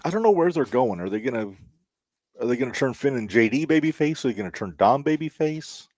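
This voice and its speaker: A man's voice: mid-range voice, lively intonation, a little fast, darkish tone, no echo, studio quality. A man co-hosting a casual wrestling podcast, joking and chatting loosely as he runs through the segments. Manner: joking, talks to himself while working. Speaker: podcast co-host.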